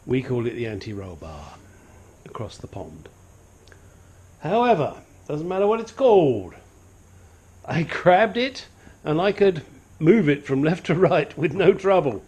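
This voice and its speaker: A man's voice: on the high side, very animated, a little slow, long pauses, darkish tone, breathy edge. A man hosting a casual car repair vlog, talking in a dry, teasing, joking way.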